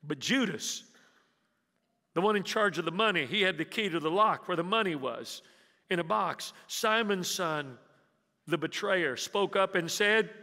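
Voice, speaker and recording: A man preaching a sermon as pastor, telling the story dramatically, dropping from loud emphasis to hushed near-whispers and drawing the congregation into call-and-response. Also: on the high side, expressive, moderate pace. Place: church sanctuary. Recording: long reverb of a church hall.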